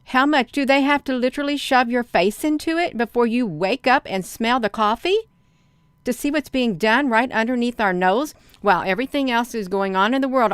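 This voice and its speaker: A woman's voice: fairly high pitch, clean tone, no echo. A woman hosting a livestream, talking urgently and emphatically to her viewers and answering their comments as she goes. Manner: urgent, emphatic, addresses viewers as "you all". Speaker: livestream host.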